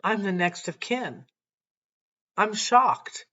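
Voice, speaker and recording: A woman sharing a personal faith testimony to camera, earnest and reflective, often pausing and restarting her sentences. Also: medium pitch, animated, bright, forceful tone, lo-fi sound.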